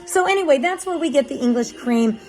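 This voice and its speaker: Woman dog breeder, casual explainer, fairly high voice, soft music bed underneath. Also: animated, fairly quick, rough recording. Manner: chatty and explanatory, with filler ums. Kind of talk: casual vlog narration.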